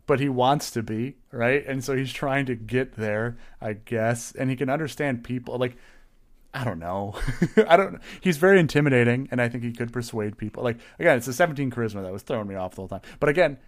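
A man's voice: medium pitch, fairly quick. A young man co-hosting a podcast in loose, casual chat. He rambles and restarts his thoughts, piling on fillers, in an everyday mid-range voice. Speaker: podcast co-host.

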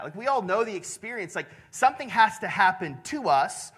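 A man's voice: sits high, sing-song, a little fast, a bit bright, breathy edge. A man, preaching a conversational sermon and often checking in with the congregation. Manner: conversational, with many restarts and "right?" checks. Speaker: pastor.

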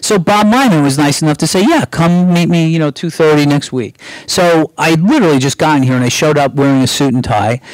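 Middle-aged New man, lively raconteur, slightly high voice, dry close sound. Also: brisk, hardly any pauses, dry recording, poor audio. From Brooklyn, New York. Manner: animated storyteller, acts out quoted voices, swears casually. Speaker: guest screenwriter. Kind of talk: candid storytelling interview.

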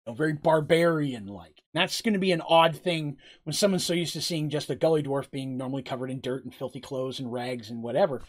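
A man's voice: on the high side, fairly quick, few pauses. A man running a tabletop game, rambling casually with lots of fillers and frequent laughs as he narrates and answers questions. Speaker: game master.

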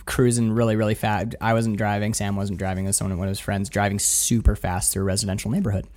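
Animated man retelling film scenes. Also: on the low side, quick pace. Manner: animated storyteller, acts out quotes, swears freely. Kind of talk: casual film discussion.

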